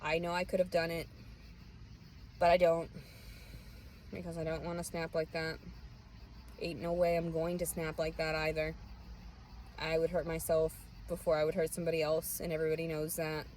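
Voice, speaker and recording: A woman's voice: low-pitched, completely flat delivery, brisk, a little mellow, slight background noise, poor audio. A young woman, venting bitterly and profanely in a rambling personal monologue. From Southern US. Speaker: vlogger.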